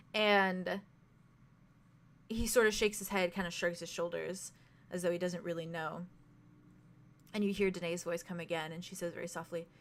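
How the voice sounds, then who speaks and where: A young woman narrating as game master in a tabletop game, halting, with many fillers and giggles. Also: on the low side, a bit bright, slight background noise.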